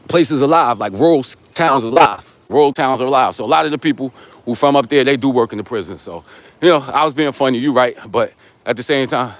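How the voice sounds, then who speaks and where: A man in his forties with a New York accent, casually chatting on a live stream while walking and teasing viewers in street slang. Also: mid-range voice. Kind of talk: casual live-stream chat reading comments.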